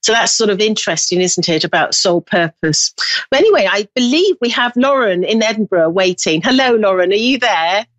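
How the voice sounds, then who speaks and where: Woman, medium and show host, mid pitch, rambling and reflective, gentle with callers, dry close sound. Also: lively intonation, a little fast, no echo. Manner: rambling, reflective, many restarts. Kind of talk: call-in radio hosting.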